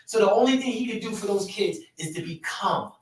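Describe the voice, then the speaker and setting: A podcast host and men's coach speaks in a high, animated, fairly quick voice, coaching other men in an emphatic, conversational way and often repeating his key phrases. The recording is from a very echoey room, with his voice far from the mic.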